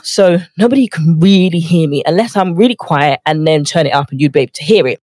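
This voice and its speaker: A woman's voice: on the low side, darkish tone, dry recording. A woman, a nutrition coach hosting a motivational podcast from her home office. She is chatty and acts out quoted voices, a little out of breath from walking on a treadmill pad.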